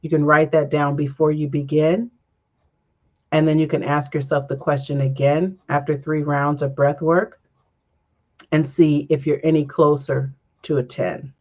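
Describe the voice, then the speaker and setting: A woman in her fifties, a podcast host and coach, leading breathwork and chatting in a soft-spoken, guiding way. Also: deep voice, flat delivery, unhurried, muffled recording. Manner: soft-spoken guiding, then emotional and laughing. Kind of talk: guided breathwork and casual chat.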